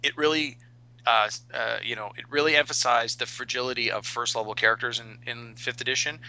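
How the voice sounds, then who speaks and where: A man's voice: medium pitch, fairly even intonation, fairly quick, bright, forceful tone, poor audio. A man and podcast co-host chatting casually about a game session he ran, talking in a loose, rambling way with many fillers and restarts.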